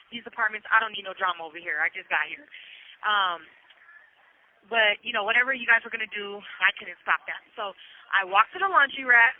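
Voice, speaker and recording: A woman telling her story in a phone interview from jail, rambling with many restarts and quoted dialogue. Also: mid-range voice. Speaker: incarcerated interviewee. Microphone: prison telephone. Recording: tinny prison phone line.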